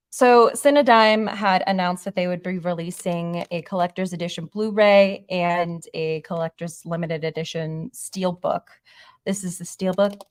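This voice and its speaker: A woman hosting a horror channel in a casual livestream, talking in an excitable, rambling way. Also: lowish voice, no echo, studio quality.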